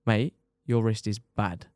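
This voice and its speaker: A young man speaks in a casual, animated way, acting out what others said to him. His voice is smooth and resonant. The recording is dry and close to the mic. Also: fairly low pitch, no room sound. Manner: animated, colloquial, quotes others in his story. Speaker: podcast guest. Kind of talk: casual storytelling chat.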